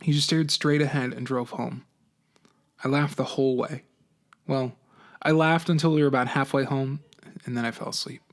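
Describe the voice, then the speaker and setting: A man, a teacher, reading a novel aloud for his class, with an expressive, animated first-person delivery. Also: a little high.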